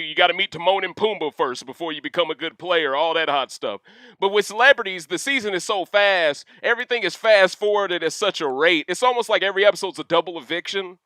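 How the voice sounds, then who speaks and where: A young man hosting a casual livestream rant, reading chat questions aloud and talking in an animated, slangy way full of asides. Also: fairly high pitch, clear, resonant tone, no room sound, studio quality. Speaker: livestream host.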